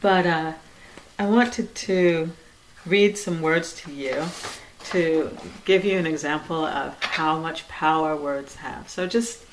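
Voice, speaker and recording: A woman giving a reflective spiritual talk in a conversational way, with many "you know"s, soft laughs, and quiet trailing phrases. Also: deep voice, slow, slight background noise, low-quality recording. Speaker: dharma talk speaker.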